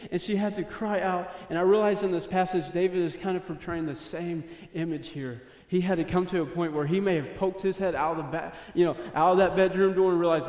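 A young man preaching a sermon, telling a story from home, then building to loud, urgent pleading. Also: a little high, brisk, hardly any pauses. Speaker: pastor. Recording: echoey hall with long reverb.

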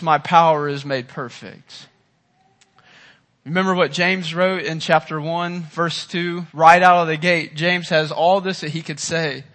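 A man preaching a sermon, swinging from hushed, quiet passages to loud, impassioned ones and asking the congregation questions. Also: fairly high pitch. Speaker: pastor. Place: church.

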